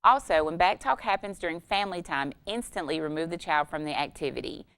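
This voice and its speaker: A woman presenting a scripted parenting tip in a calm, measured way. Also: deep voice, no room sound. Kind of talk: scripted advice segment.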